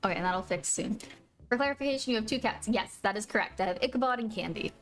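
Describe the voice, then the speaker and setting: A woman's voice: mid-range voice, quick pace. A woman live-streaming a video game, chatting casually with viewers and gushing over her pets. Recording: faint music behind.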